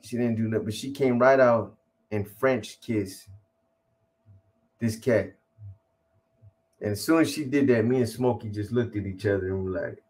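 A man's voice: mid-range voice, a little mellow. A man in a casual interview, telling a long story in rambling, profane street talk with many restarts. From California.

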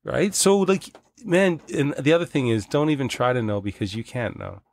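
Profane, animated man telling stories. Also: medium pitch, moderate pace, vocal fry. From Canada. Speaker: podcast guest. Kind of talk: casual chat.

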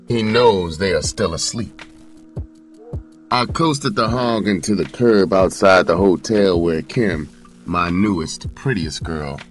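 Deep-voiced man narrating a gritty story. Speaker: audiobook narrator. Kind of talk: first-person story narration. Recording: distant mic, faint music.

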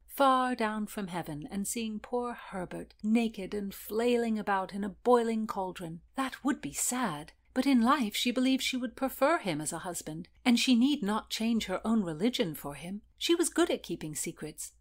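A woman reading historical fiction aloud in a measured way, her voice dropping to a hush at the ends of lines. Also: medium pitch, animated. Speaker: narrator.

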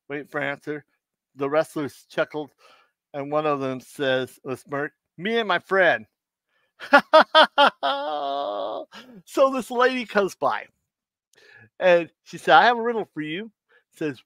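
A man with a slightly high, somewhat bright voice hosts a live stream with no room sound. He tells corny jokes and riddles casually, often stumbling and restarting, and laughs at his own punchlines.

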